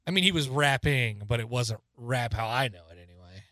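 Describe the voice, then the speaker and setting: A man with an ordinary mid-pitched voice chats on a podcast. He pushes back in a skeptical, contrarian way. The recording is dry. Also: animated, brisk, sharp tone, no echo. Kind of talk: casual chat.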